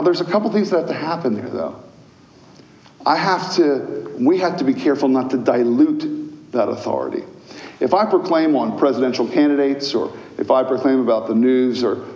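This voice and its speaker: A man preaching a sermon as pastor, musing at times and rising to loud, emphatic proclamation. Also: mid-range voice. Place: church. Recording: echoey church hall.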